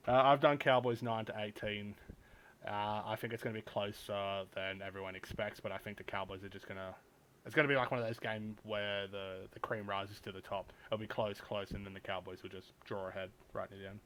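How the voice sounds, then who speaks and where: A man hosting a podcast, chatting casually, swearing a lot and breaking into loud outbursts. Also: lowish voice, steady tone, fairly quick, a little hiss or hum. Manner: swears a lot, loud bursts of laughter and outrage. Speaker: podcast host. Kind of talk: casual chat.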